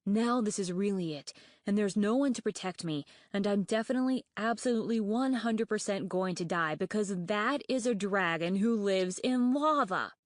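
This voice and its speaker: A woman voicing a nervous, bookish young male dragon in an audiobook, talking in anxious, rapid reasoning and stammers. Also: medium pitch, expressive, no echo, studio quality, natural voice. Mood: panicked. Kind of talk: audiobook character voice.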